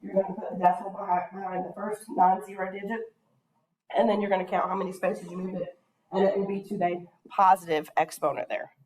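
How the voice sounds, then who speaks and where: A woman's voice: mid-range voice, flat delivery, a little fast, a little mellow. Patient woman teaching a math class. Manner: patient, checks in with questions. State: coughing, throat catching.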